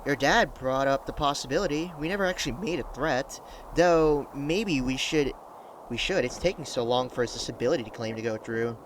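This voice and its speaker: A man's voice: mid-range voice, moderate pace, a little hiss or hum, natural voice. A man voicing a worried middle-aged mother, speaking in a matter-of-fact, slightly stern way.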